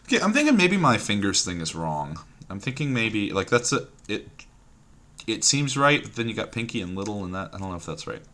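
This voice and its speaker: A man's voice: fairly low pitch, very animated, fairly quick, bright, forceful tone. A man thinking aloud while solving a word puzzle at his computer, musing and hesitant, trailing off and repeating words to himself. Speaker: puzzle game streamer.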